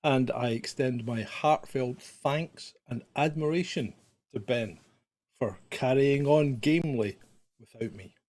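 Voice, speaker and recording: Measured British man, co-host. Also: mid-range voice, darkish tone. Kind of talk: casual chat.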